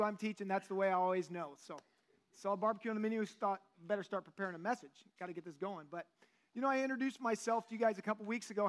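Guy in his late 40s teaching at church, kinda high voice, easygoing and jokey, lots of uh and um. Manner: relaxed, joking, conversational preaching with fillers. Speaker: lay teacher. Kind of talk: sermon to a church group. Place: church meeting room.

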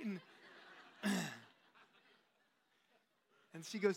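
Guy in his late 40s teaching at church, kinda high voice, easygoing and jokey, lots of uh and um. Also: measured pace, pauses often. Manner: relaxed, joking, conversational preaching with fillers. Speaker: lay teacher. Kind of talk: sermon to a church group. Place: church meeting room.

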